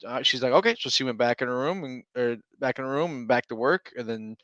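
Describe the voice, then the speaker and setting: A man's voice: mid-range voice, fast, a bit bright, dry recording, highs cut off. Thirties guy yakking about his day, rambly, laughs a lot, dry close sound. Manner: rambling storyteller, laughs often. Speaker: podcast co-host. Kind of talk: casual chat. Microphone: remote call.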